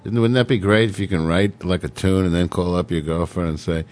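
A man's voice: sits low, steady tone, fairly quick, hardly any pauses, a little mellow. A man hosting a radio show, rambling irreverently and reading news items with sarcastic, crude asides. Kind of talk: casual talk radio monologue.

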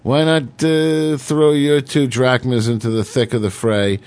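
A man's voice: mid-range voice, little pitch movement, a little slow, a little mellow, no echo. A man hosting a radio show, rambling irreverently and reading news items with sarcastic, crude asides. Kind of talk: casual talk radio monologue.

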